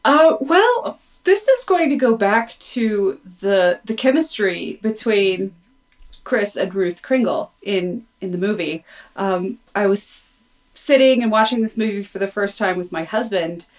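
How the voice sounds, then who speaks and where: A woman in her thirties, co-hosting a film podcast and asking a question in a relaxed, conversational way. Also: mid-range voice, measured pace. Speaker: podcast co-host. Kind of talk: casual podcast chat.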